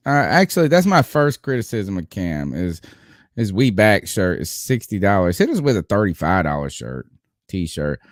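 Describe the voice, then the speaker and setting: This sports podcast host is a man with a lowish voice, recorded at studio quality with no echo. His style is loose and playful: hyperbolic jokes, meandering tangents, and lots of filler words.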